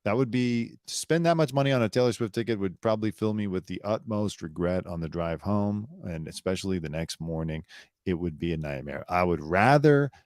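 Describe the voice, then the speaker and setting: Deep-voiced blunt male live commentator. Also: darkish tone, no echo, studio quality. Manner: blunt, opinionated, sarcastic; loose and rambling, with fillers. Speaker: host of a live news commentary show.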